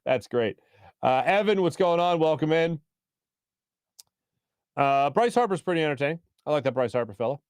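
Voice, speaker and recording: A sports talk host in his thirties, chatting with his viewers and laughing at their comments. His voice sits a bit high for a man. It is recorded dry and close, with no room echo. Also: animated, normal speed, long pauses, clean tone. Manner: chatty, jokey, laughs often. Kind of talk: casual live-stream chat reading viewer comments.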